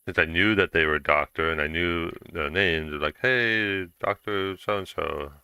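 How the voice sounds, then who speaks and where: A man's voice: a bass voice, fairly even intonation, fairly quick, bright, forceful tone, clear, resonant tone, no echo. A young man chatting casually while streaming a game, rambling through a story with lots of fillers and restarts.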